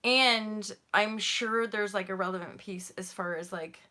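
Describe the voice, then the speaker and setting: A woman's voice: mid-range voice, fairly even intonation, measured pace, pushed and bright. A woman chatting casually on a spiritual livestream, rambling, swearing freely and mocking herself. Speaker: spiritual vlogger.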